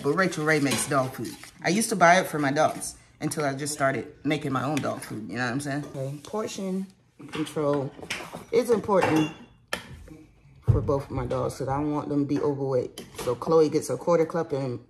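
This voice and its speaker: A young woman talking casually in a home vlog, joking playfully and speaking gently to her child. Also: deep voice, slight background noise. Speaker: vlogger and parent.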